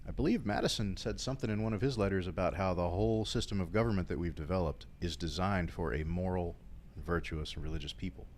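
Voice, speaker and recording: A man with a very low, deep voice talks through history in a long, rambling explanation, dropping fillers like "uh" and "right" as he goes. He co-hosts a casual political chat show, with a faint hum of room noise behind him. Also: fast, hardly any pauses, darkish tone. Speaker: co-host.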